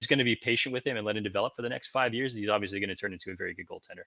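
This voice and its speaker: Bright-voiced man, analytical. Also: lowish voice, racing, gravelly, no room sound, dull audio. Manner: analytical, hedging with "I think". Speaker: podcast co-host. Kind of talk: casual hockey draft analysis.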